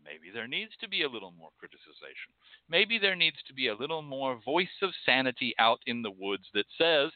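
Cursing guy on a rant, pitch all over the place, sounds like a phone line. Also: wildly swooping pitch, brisk, no echo. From Texas. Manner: blunt, profane, ranting. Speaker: podcast host. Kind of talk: impassioned monologue. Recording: dry, tinny phone-like sound.

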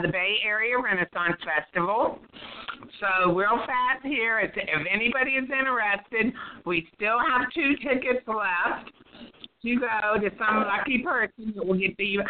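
A man co-hosting live talk radio, upbeat and jokey as he makes quick announcements. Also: high-pitched, slight background noise. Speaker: radio show co-host. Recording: phone-like call-in line.

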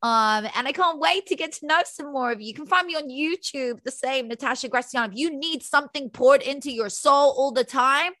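Motivational woman guest, upbeat and persuasive, bright higher register, dry sound. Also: fairly quick, few pauses, no room sound. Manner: energetic, motivational, preachy. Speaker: mindset coach guest. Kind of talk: interview.

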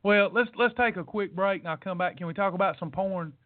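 A man's voice: sits high, a little fast, dry recording. A man hosting a podcast in a casual, playful motivational monologue, folksy and teasing. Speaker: podcast host. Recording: dry, tinny phone-like sound.

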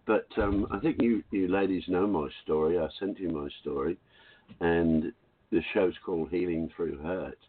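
An older man calling in to a talk radio show, telling his story in a frank, confident, unhurried way. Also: low voice, husky. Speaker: caller. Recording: tinny phone line.

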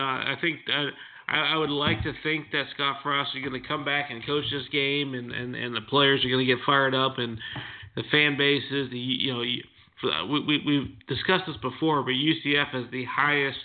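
Halting man on a tinny line. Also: medium pitch, little pitch movement. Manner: halting, with frequent restarts. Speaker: sports podcast co-host. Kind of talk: casual sports chat.

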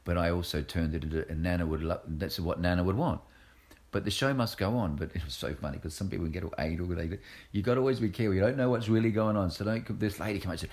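Man, very deep voice, animated storyteller, puts on voices, casual interview chat. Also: fast. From Australia. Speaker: guest entertainer.

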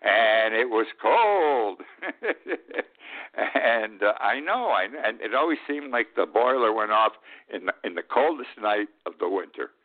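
A man's voice: fairly low pitch, animated. An older man from upstate New York hosting a radio talk show, giving a blunt, sarcastic commentary monologue and often tagging on "okay?". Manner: blunt, sarcastic, drawn-out emphasis with frequent "okay?". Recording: tinny phone-like radio audio.

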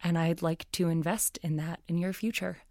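A woman voices a wealthy woman writer in an audio drama, her voice sitting fairly low. She speaks with earnest, self-deprecating sincerity. The sound is dry and close. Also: fairly even intonation, moderate pace, warm tone, no echo, lightly acted.

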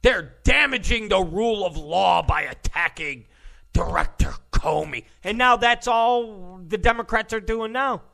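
A sarcastic man rants through political commentary with a gravelly edge, his pitch swinging high and wide. He talks slowly and mocks the other side with exaggerated put-on voices. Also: lively intonation, pushed and bright. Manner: sarcastic, mocking, mimics opponents in exaggerated voices.

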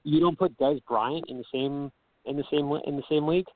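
A man co-hosting a sports radio talk show, mumbling and halting, repeating himself as he talks. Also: on the high side, dry recording. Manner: halting, repeats words, hard to hear. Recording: dry, phone-like line.

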